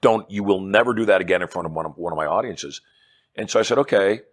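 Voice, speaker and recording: A middle-aged man, a hypnotist and persuasion trainer, telling animated stories in an interview and acting out the dialogue. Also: sits low, quick pace. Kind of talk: storytelling interview chat.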